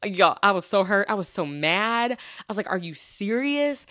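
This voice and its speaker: Woman podcast host, 30s, chatty casual storyteller, mid-pitched, dry close recording. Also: normal speed, sharp tone, no echo. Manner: chatty, with many fillers and restarts.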